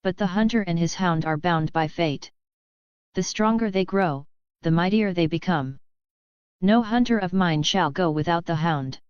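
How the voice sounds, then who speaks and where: A woman's voice: fairly low pitch, moderate pace, clean tone, no echo, natural voice. A woman voicing an ancient, proud wolf spirit who speaks in grave, formal language. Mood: solemn. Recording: dull lo-fi sound.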